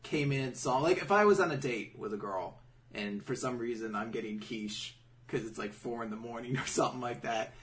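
A man's voice: medium pitch, fairly quick. A man co-hosting a casual podcast chat, joking and laughing often. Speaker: podcast co-host.

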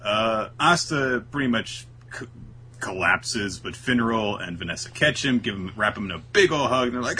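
A man's voice: fairly low pitch, animated, normal speed, sharp tone, slight background noise. A man co-hosting a casual talk show, recapping a comic chapter and jumping into quoted voices of its characters. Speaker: podcast co-host recapping a manga chapter.

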